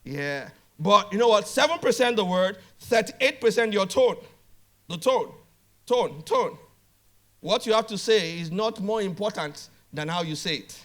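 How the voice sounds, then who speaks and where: Guy giving a conference talk, high bright voice, keeps repeating stuff, talks right at the crowd. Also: lively intonation, measured pace. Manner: emphatic, repeats phrases, addresses audience directly. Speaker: conference speaker. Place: conference hall.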